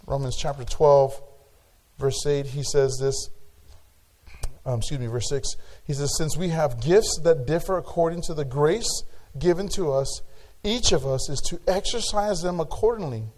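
A male pastor preaching a sermon, building to emphatic peaks and dropping to quiet, drawn-out words. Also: on the high side.

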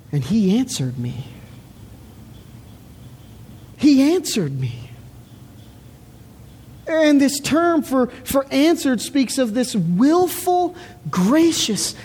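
A woman's voice: high-pitched, big pitch swings, takes it slowly, dark tone, slightly rough. A woman preaching a sermon in an earnest, emphatic way, repeating words as she builds her point. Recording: reverberant hall.

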